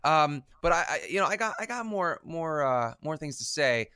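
A man in casual chat, animated, often restarting his sentences. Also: on the high side, normal speed, clean tone, no room sound, studio quality. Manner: animated, stammering restarts, swears.

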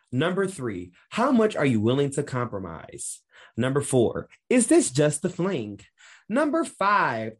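A playful man co-hosting a podcast, talking in a loose, casual way and laughing often. His pitch swings widely and lively as he talks. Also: breathy edge. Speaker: podcast co-host.

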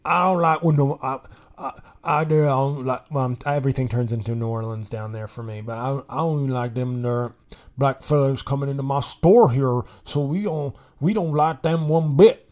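Grumbling Southern store owner, exaggerated drawl, loud, put on by a man. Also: mid-range voice, moderate pace, natural voice.

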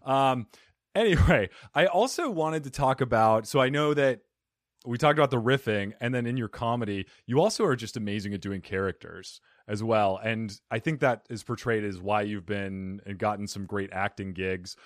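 A man hosting a podcast, chatting casually with a guest in an excitable, apologetic way, with quick bursts of laughter. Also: on the low side, dry recording, clean studio sound. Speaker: podcast host. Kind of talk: casual interview chat.

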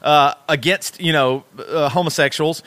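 A man co-hosting a podcast in casual chat, animated and joking, cursing freely. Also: fairly high pitch, moderate pace, clean tone, no room sound. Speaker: podcast co-host.

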